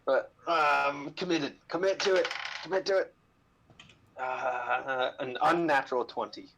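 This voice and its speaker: A man's voice: mid-range voice, measured pace, vocal fry, noisy background. A man playing in a tabletop game, chatting casually, joking and dramatizing his character's troubles. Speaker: player.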